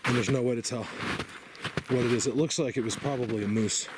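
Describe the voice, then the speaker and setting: A man's voice: mid-range voice, fairly even intonation, fairly quick, very noisy. A man vlogging while hiking in snowy mountain woods, out of breath, chatty and rambling, laughing often. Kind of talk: outdoor hiking vlog.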